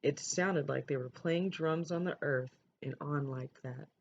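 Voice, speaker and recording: A woman teacher reading a picture book aloud in a measured, gentle way. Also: deep voice. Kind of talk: storybook read-aloud. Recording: dull lo-fi recording, faint noise.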